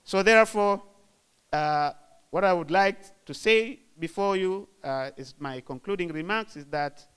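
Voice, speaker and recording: A man with a Tanzanian accent giving a measured, formal speech to open a conference, repeating his phrases. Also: sits high, fairly bright tone, clean tone. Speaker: guest of honour opening a conference.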